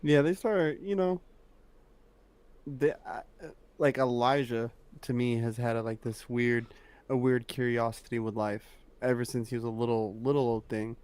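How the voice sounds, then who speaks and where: A man at an ordinary, mid-range pitch talks in relaxed podcast chat. He sounds reflective and easygoing, peppering his speech with filler words. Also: normal speed, clear, resonant tone. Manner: relaxed, reflective, says "like" and "bro" a lot. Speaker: podcast co-host. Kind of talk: casual chat.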